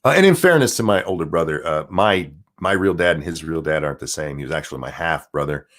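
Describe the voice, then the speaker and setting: A man's voice: expressive, fast talker, a bit bright. A man hosting a live stream, ranting and mocking in casual, profane commentary. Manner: profane, mocking rant with sudden pitch jumps. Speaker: streamer and show host.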